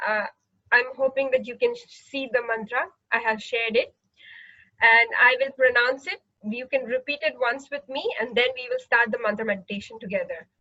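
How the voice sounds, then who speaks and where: A woman leading a mantra meditation class over a video call, eager and warm-hearted, often restarting her sentences. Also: on the high side, normal speed. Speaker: meditation leader. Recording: muffled lo-fi video call audio.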